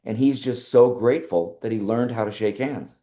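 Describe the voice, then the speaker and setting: An older man, a podcast guest, telling personal stories in a relaxed interview and acting out the lines of others. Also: medium pitch, moderate pace. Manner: animated storyteller who acts out quoted dialogue. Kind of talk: casual interview storytelling.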